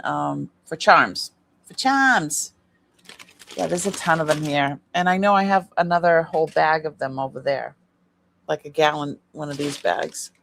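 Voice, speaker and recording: A sleepy woman chatting casually on a live stream as she shows off jewelry, rambling and trailing off with fillers. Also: on the low side. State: sleepy, yawning.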